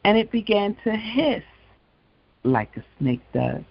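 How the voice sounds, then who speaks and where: A man hosts a faith-based talk show, speaking slowly with a gravelly rasp. He tells stories in a conversational way, breaking off for frequent asides. The audio is dull, lo-fi and dry. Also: sits high, big pitch swings, no room sound. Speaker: host. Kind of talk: gospel talk show monologue.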